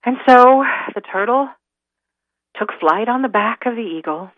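A woman telling a folk tale, slow and dramatic in her delivery, heard over a tinny line. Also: on the high side, lively intonation, no echo. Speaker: storyteller. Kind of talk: storytelling narration.

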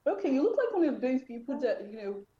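A woman's voice: high-pitched, very animated, fast talker, muffled recording. A woman hosting an interview show, chatty and playful, joking about herself. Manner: chatty, playful, self-deprecating. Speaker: host. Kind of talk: casual interview chat.

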